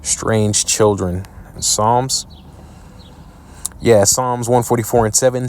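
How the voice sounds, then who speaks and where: A man preaching scripture commentary while reacting to a video, profane and scornful, reading verses slowly. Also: mid-range voice, a little mellow. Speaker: online preacher.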